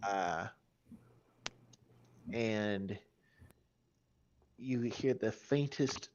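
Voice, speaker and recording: A man running a tabletop game as game master, talking slowly and deliberately. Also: lowish voice, a little mellow, muffled recording, a little hiss or hum. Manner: slow, deliberate, gravelly.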